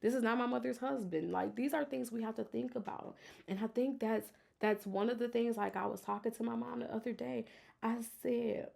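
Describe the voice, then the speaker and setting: A woman's voice: fairly high pitch, steady tone, moderate pace, vocal fry, darkish tone. A woman hosting a personal faith podcast, talking earnestly and emotionally in a testifying way. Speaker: podcast host.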